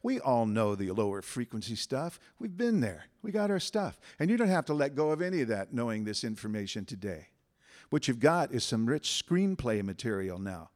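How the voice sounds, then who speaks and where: Male guest speaker, spiritual talk, animated, slow emphatic affirmations, mid-pitched. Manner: animated, repeats phrases slowly with emphasis.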